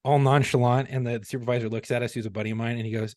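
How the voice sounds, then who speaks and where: A man's voice: mid-range voice, flat delivery, rapid-fire, few pauses, darkish tone, no room sound. A man, a former police officer, telling a story casually and profanely on a podcast. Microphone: podcast studio mic.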